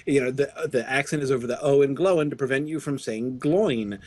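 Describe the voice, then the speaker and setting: A man's voice: mid-range voice, a little fast, darkish tone, no room sound. A man co-hosting a casual gaming podcast, rambling with lots of restarts and fillers. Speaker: podcast co-host.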